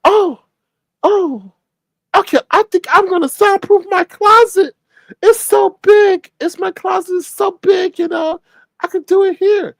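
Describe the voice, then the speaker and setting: A man putting on the voice of a flustered woman who promises to keep quiet, high and placating. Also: a little slow, vocal fry, no echo, full character voice. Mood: eager.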